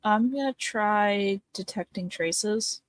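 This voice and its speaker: A woman's voice: mid-range voice, slow pace, no room sound. Hesitant woman player, dry sound. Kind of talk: casual chat.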